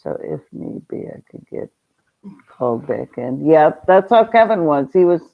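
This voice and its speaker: Woman host, unhurried casual livestream chatter, tinny phone-like sound. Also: deep voice, big pitch swings, creaky. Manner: chatty, laughs often, greets viewers.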